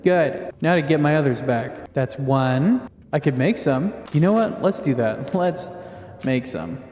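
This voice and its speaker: A man's voice: medium pitch, animated, a little slow, a little mellow, a little hiss or hum. A young man giving jokey let's play commentary on a video game, swearing freely and trash-talking the enemies. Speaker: gaming video creator. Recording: roomy echo with long reverb, music behind. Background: game music.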